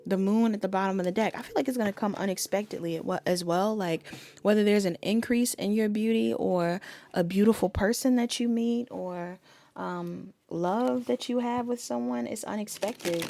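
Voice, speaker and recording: Woman tarot reader, casual and chatty, vocal fry, mid-range voice. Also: mid-range voice, normal speed, warm tone, a little hiss or hum. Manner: chatty, talks straight to viewers as y'all. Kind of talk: casual tarot reading to camera.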